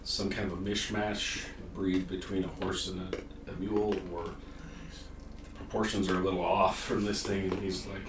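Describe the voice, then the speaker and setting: A man's voice: low-pitched, flat delivery, moderate pace. A man running a tabletop game as game master, describing scenes in a loose, rambling way. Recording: roomy, distant, noisy room mic.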